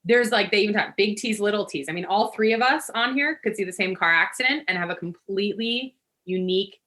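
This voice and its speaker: A woman talks quickly in a bright, forceful voice as a podcast guest. She tells her stories in an animated, rambling way, full of fillers. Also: on the low side. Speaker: podcast guest, trauma-informed yoga teacher. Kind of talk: casual interview conversation.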